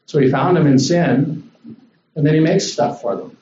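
A man preaching a sermon to a congregation as a visiting speaker, in a relaxed, conversational way that rises when he voices the lines he quotes. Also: fairly high pitch, normal speed, roomy sound, distant mic, dull audio, a little hiss or hum. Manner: conversational, animated when voicing God. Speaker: guest preacher.

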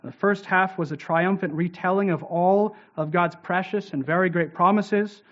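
A man's voice: high-pitched, fairly even intonation, normal speed, fairly bright tone. A man teaching a lecture on scripture, reading verses aloud and explaining them with emphasis, often checking in with "right?". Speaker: Bible teacher. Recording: dull lo-fi recording.

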